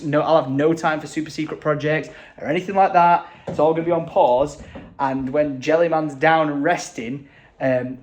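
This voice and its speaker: Excitable chatty man with lively pitch. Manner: chatty and excitable, voice jumps high when delighted. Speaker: vlogger. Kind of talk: casual vlog chat. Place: at home, indoors.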